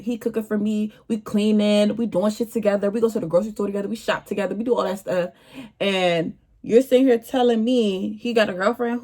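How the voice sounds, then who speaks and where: Young woman vlogger, slangy exasperated storytime, mid pitch. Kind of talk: casual storytime.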